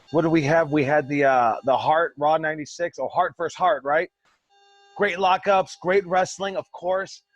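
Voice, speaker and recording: A man coaching wrestling students over a video call, rambling and passionate, swearing freely. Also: on the high side. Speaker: wrestling school head coach. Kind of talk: casual online class talk.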